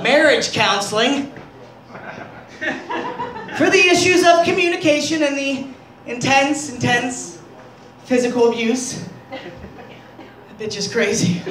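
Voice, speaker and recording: A man's voice: very high voice, fairly bright tone. A man doing crude, self-deprecating stand-up comedy on a club stage. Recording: roomy club sound from far off.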